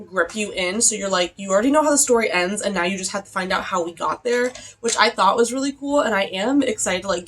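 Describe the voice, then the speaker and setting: A young adult woman chatting casually in a reading vlog, rambling along with lots of "like" fillers. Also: medium pitch. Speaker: book vlogger.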